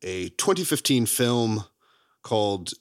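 A man co-hosting a podcast, chatting casually about movies, laughing often and jumping high in pitch for emphasis. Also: sing-song, takes it slowly. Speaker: podcast co-host.

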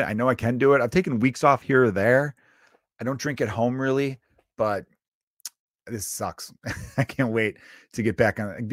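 A young adult man from Chicago, a comedian talking casually in a profane, rambling solo monologue with big swings in loudness. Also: on the low side, no room sound, studio quality. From Chicago area. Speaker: comedian and podcast host.

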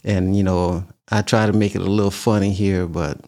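A male vlog host speaks with a low, gravelly voice. He talks casually and earnestly to his audience. He keeps circling back to repeat his point. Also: steady tone, normal speed, warm tone. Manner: earnest, repeats himself for emphasis. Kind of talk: casual talk to camera.

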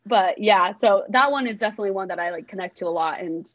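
Young adult woman, interview guest, chatty and meandering, mid pitch, dry muffled recording. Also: fast talker, no echo. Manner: rambling, filler-heavy with frequent "like". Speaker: songwriter guest. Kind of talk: casual interview chat.

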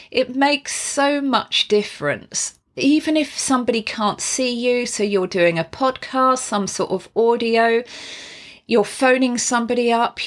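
Slow-talking woman giving a friendly tutorial. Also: on the high side. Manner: friendly, explanatory, with light laughs and small restarts. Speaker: presenter teaching on-camera skills. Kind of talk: casual instructional talk to camera.

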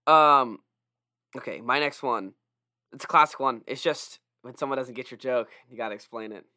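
A young man with a mid-range voice co-hosts a podcast at a moderate pace. The chat is casual and animated, and he acts out people's reactions.

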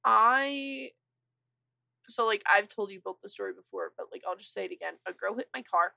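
A young woman co-hosting a podcast, telling a story in a loud, animated way with lots of swearing. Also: mid-range voice, normal speed, gravelly, dry recording. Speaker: podcast co-host. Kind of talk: casual chat.

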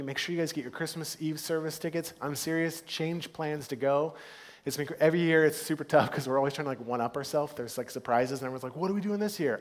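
A man preaching a sermon as pastor, earnest, moving between hushed, soft passages and loud, upbeat ones. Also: medium pitch. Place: church sanctuary. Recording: long hall reverb.

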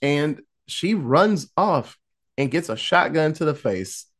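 Male podcast host, chatty and animated, fairly high pitch, swears freely while retelling a horror plot. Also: takes it slowly. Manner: animated storytelling, acting out quotes, laughing, profane. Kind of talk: casual chat.

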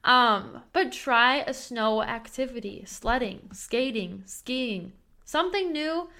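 A young woman co-hosting a relaxed podcast, speaking in an unhurried, earnest way. Her voice sits a little high, and she talks slowly, with plenty of "mm-hmm" agreement. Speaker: podcast co-host. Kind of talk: casual chat.

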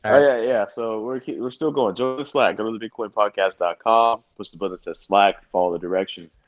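A man's voice: lowish voice, brisk, dull audio. A man co-hosting a podcast, joking and teasing while loosely plugging the show. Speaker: podcast co-host. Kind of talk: casual roundtable chat.

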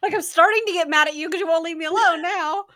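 A woman co-host with a high pitch and a bright, sharp tone. She reacts bluntly and with exasperation in casual chat, often dismissing things as stupid. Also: fast. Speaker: podcast co-host.

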